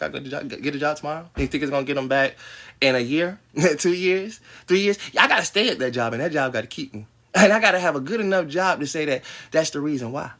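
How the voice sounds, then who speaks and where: Young male streamer, mid-twenties, fast heated rant, swears a lot, slightly high voice, bitter laughs between points. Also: gravelly, fairly bright tone. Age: 20s. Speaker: livestream host. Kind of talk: ranting monologue to live viewers.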